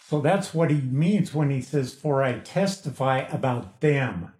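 A man preaching a Bible-teaching sermon, slow and deliberate, stressing key words emphatically. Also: mid-range voice, animated, a little mellow, echoey room. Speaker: pastor. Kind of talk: expository sermon.

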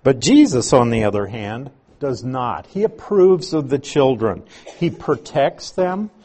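A man's voice: mid-range voice, sing-song, a little slow, dark tone, husky. A man teaching a Bible passage, reading verses aloud and explaining Greek words.

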